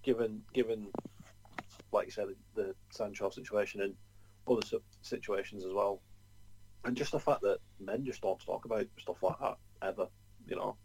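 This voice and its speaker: Low-voiced chatty man. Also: steady tone, moderate pace, a little mellow, a little hiss or hum, low-quality recording. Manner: chatty, full of "you know" asides. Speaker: podcast co-host. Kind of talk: casual chat.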